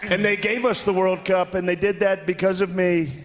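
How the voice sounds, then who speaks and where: A male comedian doing an impression of a boastful older male president with a slow, drawn-out delivery, recorded in an echoey hall. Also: high-pitched, flat delivery, voice pushed up, close to an everyday voice. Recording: echoey hall with faint noise.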